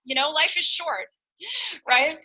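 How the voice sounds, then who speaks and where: High, bright, punchy woman coach. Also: slow pace, low-quality recording. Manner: energetic, direct and pushy. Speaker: sales team coach. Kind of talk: motivational talk to a live audience.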